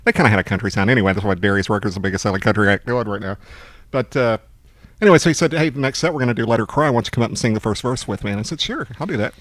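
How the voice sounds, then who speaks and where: Podcast co-host, male, rapid and animated, tells stories with plenty of laughter and swearing. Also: lowish voice, no room sound. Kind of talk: casual chat, anecdotes.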